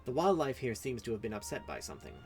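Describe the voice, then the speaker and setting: A man reading a calm, measured elf's quest lines in a low, even voice. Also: faint music behind.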